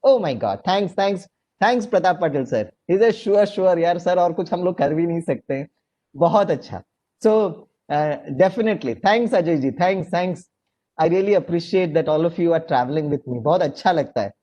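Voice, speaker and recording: A man with an Indian English accent giving an online lecture, telling a story and dropping into low asides. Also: very fast, lo-fi sound. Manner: animated, drops to low asides, mixes Hindi phrases. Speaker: guest lecturer. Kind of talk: online lecture with a told anecdote.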